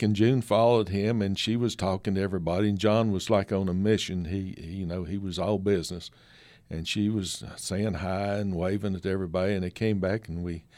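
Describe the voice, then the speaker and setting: A man's voice: lowish voice, darkish tone, no room sound. An older man, a photographer, telling folksy stories as a guest in a conversation. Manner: folksy, anecdotal, many fillers. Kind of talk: storytelling in conversation.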